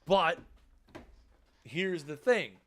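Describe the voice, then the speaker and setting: A man's voice: on the high side, expressive, very slow, a bit bright. A man streaming a video game, chatting casually and explaining his choices, often restarting and repeating phrases. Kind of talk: casual live-stream commentary.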